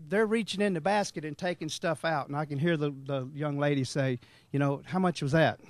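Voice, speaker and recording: A middle-aged man, telling a rambling, animated story to a meeting and laughing now and then. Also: high voice, dry recording. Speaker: motivational speaker at a sales meeting. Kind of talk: folksy storytelling talk to a room. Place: meeting room.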